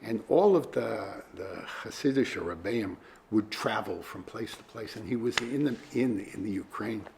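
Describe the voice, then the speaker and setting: A man teaching a religious study class, speaking in a halting, conversational way with many fillers. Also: fairly low pitch, animated, creaky, darkish tone, slight background noise. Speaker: Torah teacher.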